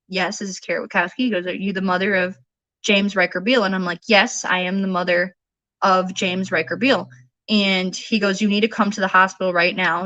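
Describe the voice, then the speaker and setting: A woman's voice: mid-range voice, bright, forceful tone, no echo, low-quality recording. A young woman, a bereaved mother, recounting events earnestly and quoting the people involved. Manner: earnest, retelling events with quoted dialogue. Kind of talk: personal testimony in a podcast conversation.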